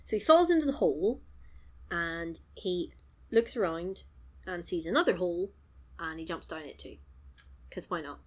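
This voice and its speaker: A woman's voice: lowish voice, animated, normal speed, pauses often, a little mellow. A woman chatting casually as a podcast co-host, retelling a story with playful asides. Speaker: podcast co-host recapping an episode. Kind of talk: casual chat.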